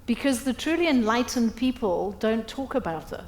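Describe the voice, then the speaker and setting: A woman's voice: on the high side, moderate pace. Self-mocking woman speaker in an echoey hall. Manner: lively, self-deprecating, acts out quotes. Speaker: keynote speaker. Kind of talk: humorous storytelling speech. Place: event hall at a breakfast.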